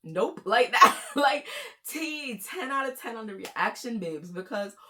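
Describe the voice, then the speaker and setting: A woman's voice: on the high side, expressive, a little slow, pushed and bright, slight background noise. A young woman from Florida giving casual, chatty reaction commentary on short videos, with lots of fillers. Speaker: commentary YouTuber.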